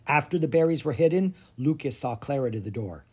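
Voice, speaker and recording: An audiobook narrator giving an expressive storybook reading. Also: medium pitch, fairly quick, slightly rough.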